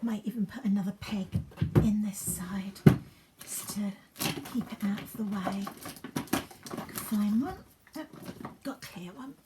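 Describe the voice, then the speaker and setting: A woman chats in a rambling way as she styles her hair for a get-ready-with-me vlog at home, dropping into soft asides. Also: medium pitch, a little slow, pauses often, very noisy. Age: 50s. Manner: chatty, rambling, drops into soft asides while working. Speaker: beauty vlogger.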